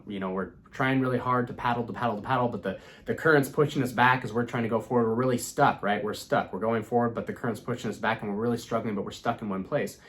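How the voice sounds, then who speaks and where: Young male host, low-ish pitch, easygoing and repetitive, casual spiritual teaching. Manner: relaxed, repeats himself, many "you know" fillers. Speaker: law of attraction channel host.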